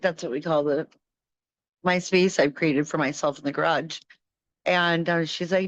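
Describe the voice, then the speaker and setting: A woman's voice: on the low side, fairly even intonation, moderate pace, no room sound, lo-fi sound. A woman on a video call sharing a personal story earnestly, in a rambling way with many fillers. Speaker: participant.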